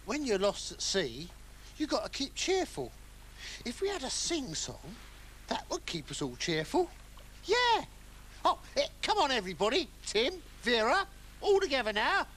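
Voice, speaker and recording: A performer plays a hapless, excitable castaway adrift at sea in a children's puppet comedy, lurching from calm to wailing panic. The voice is medium-pitched with slight background noise.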